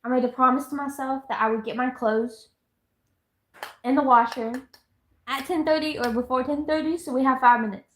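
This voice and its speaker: Woman streamer, high voice, chatty and giggly, echoey room. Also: fairly even intonation, moderate pace, fairly bright tone, slight background noise. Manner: rambling, giggly, talks to chat and herself. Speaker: livestreamer. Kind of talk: casual live-stream chatter. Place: at home, indoors.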